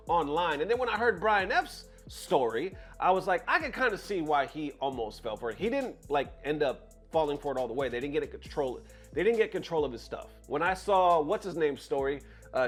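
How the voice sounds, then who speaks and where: A man talking casually to his viewers, swearing freely and acting out what other people said. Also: on the high side. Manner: animated, swears freely, acts out quotes. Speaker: content creator. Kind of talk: casual commentary vlog.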